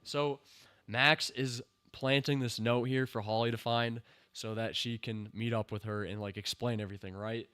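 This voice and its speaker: A man's voice: medium pitch, steady tone, normal speed, a bit bright, smooth. A man giving a rambling, sarcastic spoken commentary, full of fillers and incredulous outbursts. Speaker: show reviewer.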